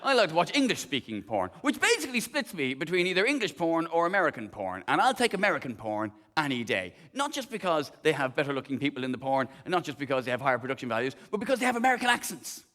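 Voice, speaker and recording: A man performing live stand-up comedy in a wry, conversational, animated manner on a theatre stage. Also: fairly high pitch, fast, few pauses, in a large hall. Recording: live stage, audience laughter.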